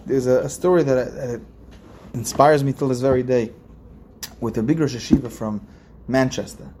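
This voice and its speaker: A man's voice: medium pitch, steady tone, normal speed, dark tone, a little hiss or hum. A man, a rabbi, giving an informal religious lesson in a conversational way, repeating phrases and asking his listeners questions. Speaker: rabbi teaching a class.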